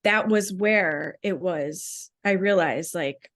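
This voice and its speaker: A woman's voice: on the low side, slow pace. A woman speaking as a podcast guest, candid and reflective, with frequent "like" fillers. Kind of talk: casual conversational interview.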